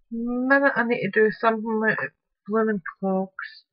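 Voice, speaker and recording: A woman's voice: a little high, fairly even intonation, a little slow, no echo, lo-fi sound. A woman narrating a crafting tutorial, chatting along and muttering to her materials as she works.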